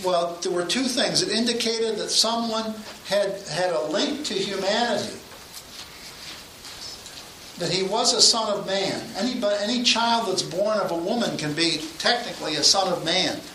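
Male preacher, bright and sharp-toned, emphatic sermon delivery. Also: high voice, moderate pace, reverberant, slight background noise, low-quality recording. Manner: emphatic, raises voice to proclaim.

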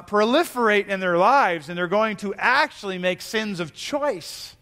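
A man preaches a sermon to his congregation in a fairly high voice, earnest and emphatic. He pauses and restarts as he builds each point. The sound rings out with the long reverb of a church hall. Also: fairly bright tone. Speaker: pastor. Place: church sanctuary.

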